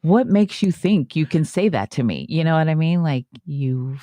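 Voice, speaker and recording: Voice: medium pitch, animated, moderate pace, warm tone, no room sound, clean studio sound. Frank, outspoken podcast co-host. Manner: frank and outspoken, laughs easily. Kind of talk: casual chat.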